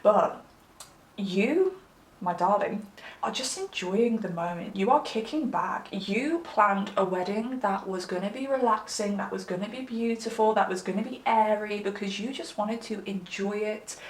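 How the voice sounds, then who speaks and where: A woman's voice: mid-range voice, moderate pace, echoey room, rough recording. A woman giving a pick-a-card tarot reading in an affectionate, chatty, rambling way with lots of fillers, a little under the weather. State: slightly unwell. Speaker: tarot reader.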